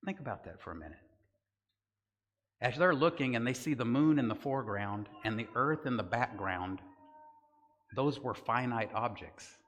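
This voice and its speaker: An older Southern Californian man teaches a Bible lesson in a church hall, using a conversational sermon style and often asking listeners "right?". His medium-pitched, fairly bright voice is expressive at normal speed with frequent pauses, and the large hall is audible.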